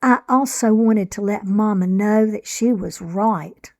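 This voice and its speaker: Slow, measured woman narrating a memoir. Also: medium pitch. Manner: measured, reflective storytelling. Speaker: author and narrator.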